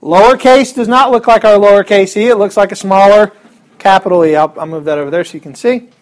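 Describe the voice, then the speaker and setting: High-voiced upbeat man teaching a class. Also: fast. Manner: upbeat, chatty, joking asides. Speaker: Greek teacher. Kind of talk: classroom lesson.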